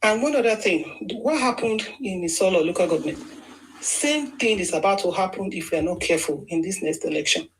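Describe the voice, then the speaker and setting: A woman's voice: medium pitch, expressive, a little fast, poor audio. Emphatic Nigerian woman commentator. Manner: emphatic, argumentative, repeats phrases for stress. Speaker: political commentator. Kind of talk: opinionated political commentary.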